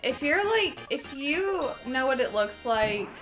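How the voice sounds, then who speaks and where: A woman's voice: high voice, sing-song, slow pace, a bit bright, soft background music. A woman joining her husband's let's play, chatting casually and rambling with giggles. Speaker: co-player, host's wife. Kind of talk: casual gameplay chat.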